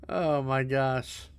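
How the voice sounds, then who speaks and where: Giggly man reading corny jokes, lively voice. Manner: reads corny jokes aloud and laughs hard at them; giggly, breaks into high tearful laughter. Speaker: game streamer. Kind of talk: casual live-stream chat.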